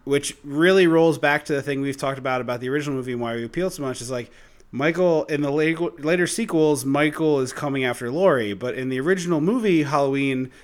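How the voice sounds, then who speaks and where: A man co-hosting a podcast in casual chat, who gets fired up and swears loudly. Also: fast talker. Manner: swears and rants loudly, pitch jumping when worked up. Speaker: podcast co-host.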